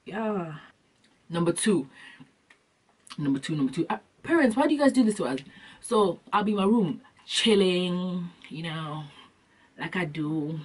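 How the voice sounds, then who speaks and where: A young adult woman vlogging, telling comic stories in an animated, slangy way and acting out scenes. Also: lowish voice, measured pace, long pauses, husky. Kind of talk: comic storytelling vlog. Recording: distant from the mic.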